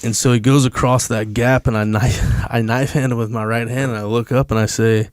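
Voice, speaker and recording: A man's voice: mid-range voice, little pitch movement, fairly quick, smooth, no echo. A man, a podcast guest, telling a story in a casual, blunt and emphatic way, swearing freely.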